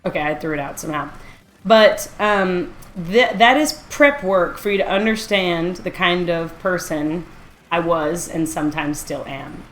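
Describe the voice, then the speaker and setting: A woman streamer telling stories in a casual, animated way, mocking herself and laughing often. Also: fairly low pitch, unhurried, echoey room, a little hiss or hum. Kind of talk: casual storytelling on a live stream.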